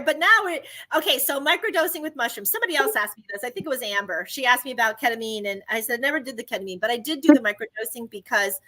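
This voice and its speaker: A woman's voice: fairly high pitch, fast talker, few pauses, sharp tone. A woman telling her own story in casual chat, emphatic and exclaiming at times.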